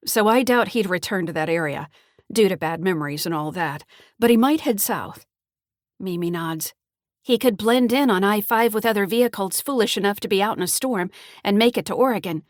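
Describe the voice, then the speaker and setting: Woman reading her thriller audiobook, steady voice, dry close sound. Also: medium pitch, normal speed, dry recording. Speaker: audiobook narrator and author. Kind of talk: scripted audiobook narration.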